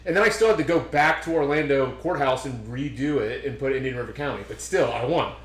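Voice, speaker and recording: A man's voice: mid-range voice, quick pace, fairly bright tone. A young man hosting a podcast, telling rambling stories full of swearing and acted-out quotes. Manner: rambling storyteller, swears a lot, acts out quotes. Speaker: podcast host. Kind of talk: casual chat. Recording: roomy echo.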